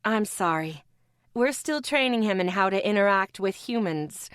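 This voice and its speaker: A kind pregnant healer, as a woman reads her talks gently with a teasing edge, at a middle pitch. The audiobook recording is dry and close. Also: lively intonation, moderate pace, no room sound, natural voice. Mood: gentle teasing.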